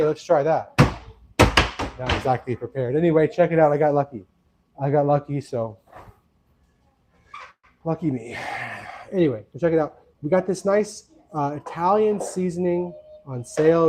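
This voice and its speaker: A man's voice: a little high, dark tone, a little hiss or hum. A man hosting a casual cooking livestream from his home kitchen, chatting to viewers in a rambling, friendly way.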